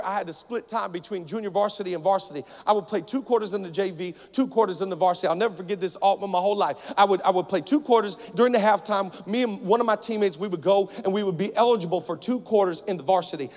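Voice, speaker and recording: A young man preaching a sermon at a conference, swinging between shouted lines and quieter storytelling. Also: high-pitched. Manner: energetic, shouting punchlines then dropping to storytelling. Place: large conference hall. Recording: long hall reverb.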